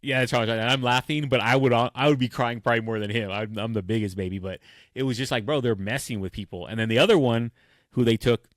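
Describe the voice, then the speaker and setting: A man's voice: medium pitch, quick pace, dry recording. A man co-hosting a podcast, chatting casually and telling stories animatedly, acting out quoted lines and laughing often. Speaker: podcast co-host. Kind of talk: casual chat.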